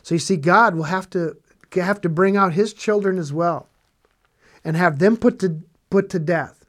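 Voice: mid-range voice, moderate pace, fairly bright tone. A Bible teacher delivers a sermon with emphatic, conversational preaching. Points are hammered home by repeating phrases, and rhetorical questions are posed to the listeners. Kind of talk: preaching on scripture.

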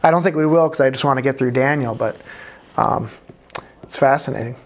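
A man's voice: mid-range voice, a little fast, slight background noise. A man teaching a conversational Bible study, thinking aloud and correcting himself as he explains.

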